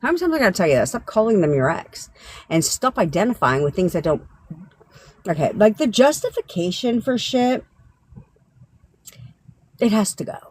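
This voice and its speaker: A woman's voice: mid-range voice, very animated, moderate pace, long pauses, a little mellow, slight background noise. A woman from Southern California, a manifestation coach, ranting bluntly and profanely on a live stream, laughing often.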